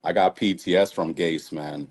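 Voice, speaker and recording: A man's voice: deep voice, fairly even intonation, normal speed, a little mellow. A man calling in to a sports talk show, chatting in a laid-back, easygoing way. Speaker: caller. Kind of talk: casual chat.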